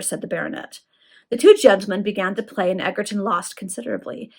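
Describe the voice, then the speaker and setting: A woman reading a novel aloud to friends in a lively, expressive way. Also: mid-range voice, brisk, creaky, husky. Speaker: reader.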